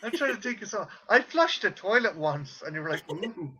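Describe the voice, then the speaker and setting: A man's voice: high-pitched, fast, low-quality recording. A man co-hosting a film review podcast, casually retelling a plot with lots of swearing. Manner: profane, rambling, animated retelling. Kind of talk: casual chat.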